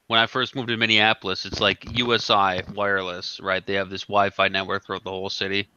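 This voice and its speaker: Man, very bright tense voice, dry close sound, dull lo-fi recording, profane ranting chat. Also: low voice, level tone, brisk, clear, resonant tone, no room sound. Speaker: podcast host. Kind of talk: casual chat.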